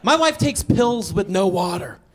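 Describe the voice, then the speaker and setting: A man in his thirties doing stand-up comedy, excitable and bursting into loud, incredulous outbursts. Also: high voice, a little slow, slight background noise. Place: comedy stage before a live audience.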